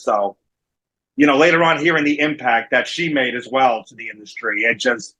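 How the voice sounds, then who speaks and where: A man's voice: medium pitch, normal speed, pushed and bright, rough recording. A man with a New Jersey accent, a wrestling manager and guest, telling stories in a casual interview over a remote call. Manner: storytelling, acting out quoted voices.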